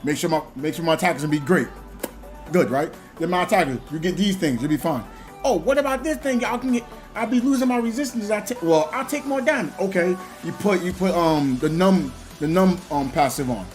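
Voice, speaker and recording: A man chatting casually on a gaming live stream, telling stories in an animated way and laughing often. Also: fairly high pitch, brisk, soft background music. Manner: animated storytelling with frequent laughs.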